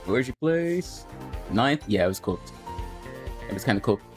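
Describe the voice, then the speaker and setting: Young guy streaming from home, chill coach vibe, mid-pitched voice, swears a bit, faint game music behind. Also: animated, a little slow. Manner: laid-back, coaching, swears casually. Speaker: streamer reviewing gameplay footage. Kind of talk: casual commentary.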